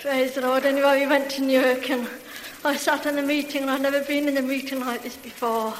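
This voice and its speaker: A woman's voice: sits high, flat delivery, a little fast. A woman giving a church testimony, effusive and full of hallelujahs. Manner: effusive, bubbling with hallelujahs and laughter. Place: large hall. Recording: echoey hall with faint hiss.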